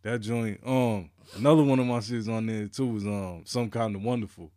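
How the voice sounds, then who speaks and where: A man's voice: on the low side, moderate pace, mellow. A man co-hosting a podcast, laid back and chatting casually about hip hop, saying yeah and yo a lot. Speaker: podcast co-host.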